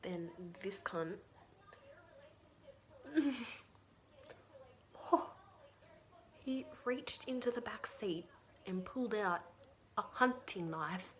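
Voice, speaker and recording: A woman's voice: mid-range voice, unhurried, fairly bright tone. A woman with an Australian accent telling a story casually, full of fillers and swearing. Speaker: vlogger.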